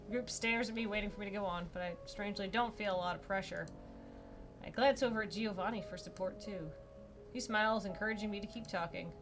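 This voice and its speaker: A woman's voice: mid-range voice, fast talker, over music. A woman narrating and playing a tabletop role-play, chatty and self-deprecating. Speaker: player and narrator.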